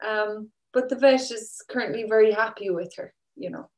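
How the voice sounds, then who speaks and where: A woman's voice: a little high, moderate pace. Chatty Irish-born woman, echoey room. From Ireland. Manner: chatty, rambling storyteller. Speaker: musician guest. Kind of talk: casual chat.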